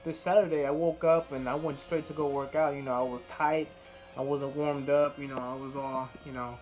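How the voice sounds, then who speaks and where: A man's voice: medium pitch, steady tone, normal speed, low-quality recording. A young man telling a long, rambling workout story in casual talk, swearing freely and acting out what was said. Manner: rambling, profane, retells dialogue in quoted bursts. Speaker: vlogger. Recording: music playing clearly behind the voice.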